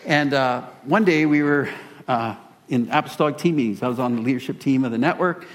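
A male pastor telling a personal story in a sermon, animated and self-deprecating. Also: medium pitch, brisk.

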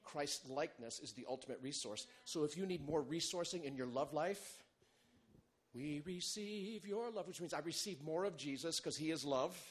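A male pastor preaching a sermon, animated and humorous, moving between loud bursts and quiet, low asides. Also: moderate pace, slightly rough. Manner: animated, humorous preaching with big swings in loudness.

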